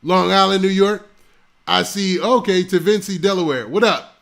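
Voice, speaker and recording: A high-pitched, gravelly male voice hosts a casual live stream on a close mic. He runs through shout-outs to viewers in loose, laid-back slang. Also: normal speed. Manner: shouting out viewers' locations one after another.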